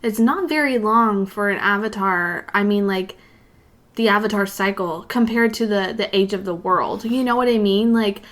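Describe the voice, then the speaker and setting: A woman's voice: mid-range voice, moderate pace, a bit bright. A woman co-hosting a podcast in casual chat, talking freely with many "like" and "you know" fillers. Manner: chatty, lots of "like" and "you know". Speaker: podcast co-host.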